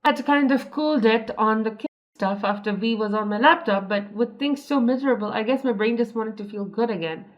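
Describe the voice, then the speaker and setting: A woman's voice: fairly high pitch, fairly quick, dull audio. Giggly young woman reading posts aloud. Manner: giggly, chatty, breaks off to react. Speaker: story reader and commentator. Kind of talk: reading and reacting to online posts.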